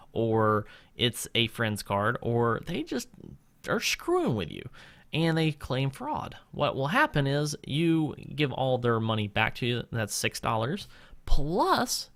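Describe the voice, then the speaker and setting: A man's voice: on the high side, creaky, a bit bright, dry recording. A young man giving casual streaming advice straight to camera, earnest and rambling, with lots of fillers and restarts. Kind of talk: casual talking-head advice.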